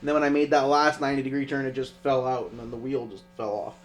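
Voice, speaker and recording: A man's voice: medium pitch, fast talker. A young man, a podcast co-host, telling a profane road story in casual chat. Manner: profane, animated anecdote telling.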